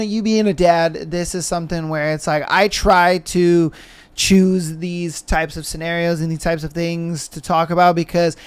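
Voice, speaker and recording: A man's voice: sits high, clean tone. A man hosting a podcast in casual, slangy chat, swearing freely and leaning on fillers. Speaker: podcast host.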